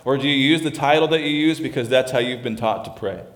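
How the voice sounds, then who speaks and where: Pastor, man, earnest sermon delivery, mid-pitched voice, roomy echo. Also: fast talker. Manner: earnest, repeats and restarts phrases.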